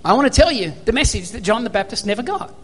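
A man's voice: sits high, very animated, fast, fairly bright tone, long reverb tail. An Australian man preaching a sermon, telling personal stories and acting out remembered dialogue. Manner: storytelling, acts out remembered dialogue.

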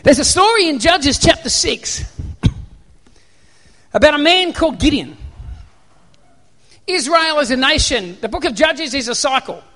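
Man preaching, animated and funny, very high voice, bright, long hall echo. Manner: animated, humorous storytelling. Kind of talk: sermon. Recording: echoey hall reverb.

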